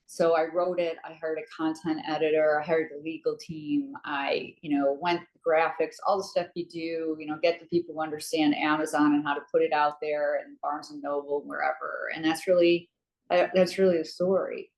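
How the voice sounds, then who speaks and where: A woman author answering interview questions on a video call, telling her story in a measured, thoughtful way. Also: deep voice, flat delivery, darkish tone, low-quality recording. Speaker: author and guest.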